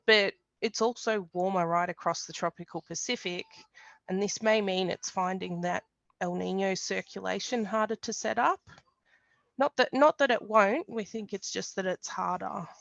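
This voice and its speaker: A woman gives a webinar presentation on climate outlooks, explaining things in a measured way with ums and restarts. Her voice has a gravelly fry at the phrase ends. The call audio is dull and lo-fi but dry, with little room sound. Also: mid-range voice, fairly bright tone, dry recording.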